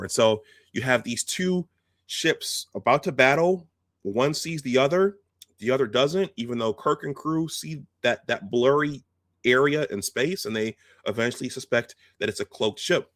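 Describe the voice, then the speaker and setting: A man hosting a video, telling a film's story in a casual, halting, animated way and acting out the scenes. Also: mid-range voice, dry recording, clean studio sound. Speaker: host. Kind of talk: casual film retelling.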